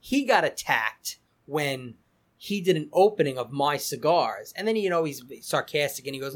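A man's voice: a little high, lively intonation, normal speed. A middle-aged man, a cigar company founder chatting as a podcast guest, rambling with many restarts and repeated words. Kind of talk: casual podcast interview.

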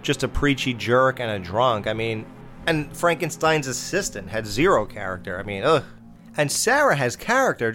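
A man's voice: mid-range voice, a bit bright. Blunt, rambling man reviewing a film. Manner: blunt, opinionated, rambling with fillers. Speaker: podcast host. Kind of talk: casual movie review.

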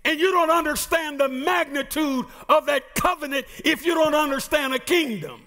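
A man preaching a sermon as pastor, shouting and half singing his lines with playful asides to the congregation. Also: extremely high pitch, normal speed, faint music behind.

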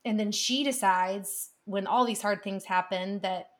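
A woman's voice: mid-range voice, measured pace. A woman in her thirties or forties, co-hosting a podcast, telling stories in an earnest, rambling way. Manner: earnest, rambling storytelling with restarts. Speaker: podcast co-host. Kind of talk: casual chat.

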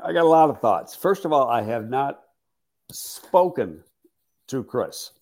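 A man with a gravelly, creaky voice talks football as a podcast co-host. He speaks in a measured way, pausing and restarting often. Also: medium pitch, lively intonation, a little mellow. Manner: measured, hesitant, many restarts. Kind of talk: casual football talk.

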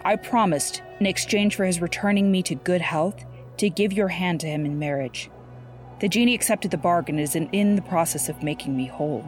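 A woman's voice: lowish voice, fairly quick, darkish tone, faint music behind, lightly acted. Woman reading a grave, dying warrior lord. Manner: grave, commanding. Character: dying, stern male warrior commander.

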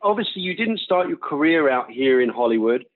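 A man's voice: a little high, animated, fairly quick. A man hosting an interview, asking friendly and encouraging questions. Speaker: interview host. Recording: tinny phone-like line.

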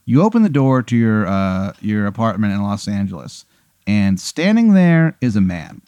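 A man's voice: on the low side, very animated, normal speed, dark tone, dry recording, lo-fi sound. A man hosting a podcast, telling an improvised comic scenario in a loose, rambling way full of "like" and swearing. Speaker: host running an improvised scenario. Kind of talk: casual comedic storytelling.

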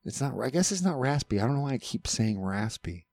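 A man's voice: medium pitch, very animated, brisk, a little mellow, no room sound. A man co-hosting a podcast in a casual, playful chat, mocking himself and laughing often. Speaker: podcast co-host.

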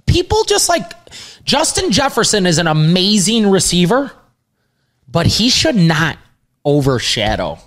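Guy cohosting a betting show, kinda high voice, hammers his points by repeating stuff. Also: wildly swooping pitch, measured pace, fairly bright tone. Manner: emphatic, repeats words for stress. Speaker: sports betting podcast co-host. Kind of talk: casual sports betting chat.

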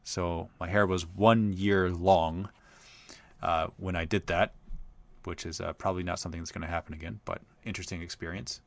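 Deep-voiced bright male host, rambling. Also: dry recording. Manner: chatty, rambling, lots of uh fillers. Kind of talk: casual storytelling.

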